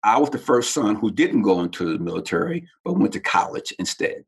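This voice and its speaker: His voice is on the low side, gravelly and slightly rough, with a sing-song lilt and a fairly quick pace. A man in his sixties from Baltimore, United States, he's a podcast guest animatedly sharing personal stories in an interview and acting out quoted voices.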